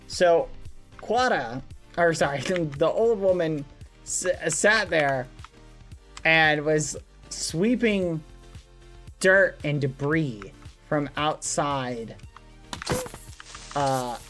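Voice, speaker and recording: A man's voice: fairly high pitch, extremely slow, long pauses, fairly bright tone, soft background music. A male streamer telling a rambling, playful story to his live chat, full of fillers and asides.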